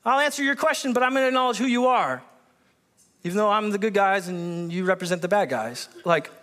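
A pastor delivers a sermon in a high, bright male voice. He reads scripture, then breaks in with lively, animated commentary. Now and then he acts out the people in the story. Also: fairly quick, in a large hall. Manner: animated, excitable, acts out biblical characters with voice shifts.

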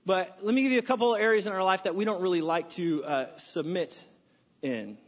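An American man preaching a sermon as pastor, energetic and conversational, with folksy asides. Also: high voice, fairly quick. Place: church sanctuary. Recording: dull sound with long hall reverb.

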